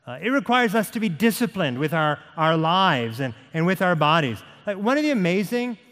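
A man preaching a sermon to a congregation, reading scripture slowly and pressing each point with emphasis. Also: high voice, very animated, fairly bright tone. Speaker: pastor. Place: church sanctuary. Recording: long hall reverb.

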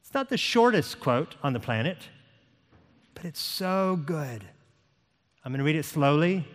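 A man preaching a sermon to a congregation, reading scripture slowly and pressing each point with emphasis. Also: a little high, big pitch swings. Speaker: pastor. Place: church sanctuary. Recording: long hall reverb.

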